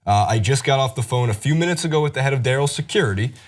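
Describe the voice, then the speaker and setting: A man's voice: medium pitch, lively intonation, racing. A man hosting a sports news chat show, talking through a story in a casual, wry way with lots of fillers. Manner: wry, joking delivery with frequent fillers.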